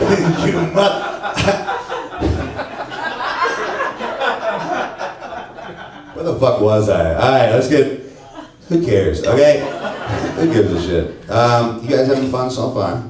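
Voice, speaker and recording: A man's voice: medium pitch, sing-song, extremely slow, long pauses, recorded from a distance. A man from St. Louis doing a brash, profane stand-up set, teasing people in the crowd. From St. Louis, Missouri. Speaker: stand-up comedian. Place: comedy club stage before a laughing crowd. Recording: echoey club recording, mic heard from afar.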